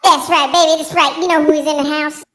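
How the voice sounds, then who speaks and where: A man putting on a high baby voice to play a sassy, hyped-up figure in a wig while signing off his show. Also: flat delivery, fairly quick, slight background noise, rough recording. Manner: loud, hyped sign-off announcer. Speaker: host.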